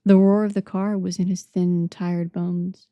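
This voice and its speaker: A woman narrating an audiobook in a measured, dramatic way. Her voice is dark and mellow. The recording is dry and close, with no room sound. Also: on the low side, level tone, dry recording.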